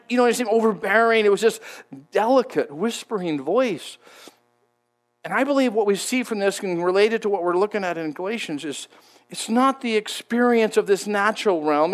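Male pastor, high-pitched, chatty and emphatic, preaching a sermon. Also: moderate pace. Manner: conversational, emphatic, repeats words.

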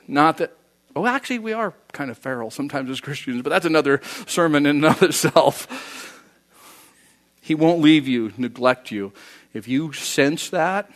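Man, pastor, sermon, slightly high voice, lively delivery with acted-out voices. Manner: animated, acts out quoted voices, swings from loud to soft.

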